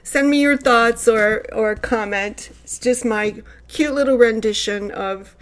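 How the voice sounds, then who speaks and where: A woman's voice: a little high, a little slow. A woman astrologer talking casually to her viewers in an earnest, loosely rambling way. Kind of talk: casual vlog monologue.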